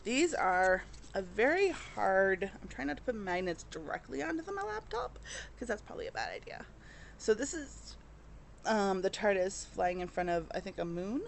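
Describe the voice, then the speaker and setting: A woman's voice: medium pitch, very animated, moderate pace, vocal fry, a little hiss or hum. A woman chatting casually to camera as a cross-stitch vlogger, rambling with many fillers and restarts and openly emotional.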